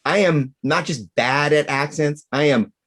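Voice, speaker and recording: A man's voice: a little high, measured pace, a bit bright. A man co-hosting a podcast in casual chat, telling stories in a self-deprecating way and laughing often. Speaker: podcast co-host. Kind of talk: casual chat about tabletop wargaming.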